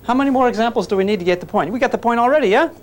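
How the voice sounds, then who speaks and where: A man's voice: very high-pitched, rapid-fire. A man teaching physics to a class, joking and coaxing the students while he demonstrates. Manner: jokey, coaxing, calls students gang.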